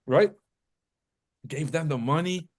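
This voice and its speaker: Roasting and teasing his audience with profane, joking banter, this man hosts a trading livestream as a trading coach. He speaks slowly, and his voice is a little high.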